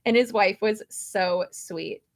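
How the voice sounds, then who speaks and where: Chatty gravelly-voiced woman vlogger. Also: mid-range voice, slow pace. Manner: rambling, many fillers and restarts, animated. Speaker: beauty vlogger. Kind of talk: casual chatty storytelling.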